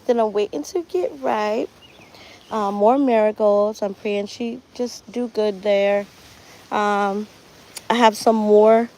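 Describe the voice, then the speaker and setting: A chatty woman walks through her garden outdoors, speaking into a phone she carries. Her middle-pitched voice sounds heartfelt and thankful as she points things out to her viewers. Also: fairly even intonation, takes it slowly, warm tone. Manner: chatty and heartfelt, often speaks of prayer and gratitude. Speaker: gardening channel host. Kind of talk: casual live garden tour.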